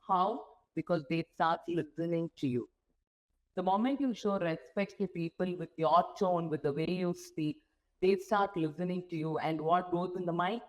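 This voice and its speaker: A woman's voice: fairly low pitch, moderate pace, rough recording. A woman giving an interactive motivational talk to nurses from a stage, often asking the audience questions. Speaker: guest speaker. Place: symposium stage before an audience.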